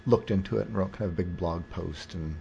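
A man's voice: sits low, quick pace, gravelly, mellow, slight background noise. A man hosting a podcast in casual chat, rambling and joking with many restarts. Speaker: podcast host. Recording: dull lo-fi recording.

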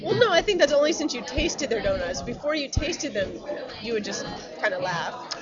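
A woman co-hosting a casual chat who answers dryly and gently contradicts her co-host. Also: high voice, very animated, moderate pace. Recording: lo-fi recording with crowd chatter behind.

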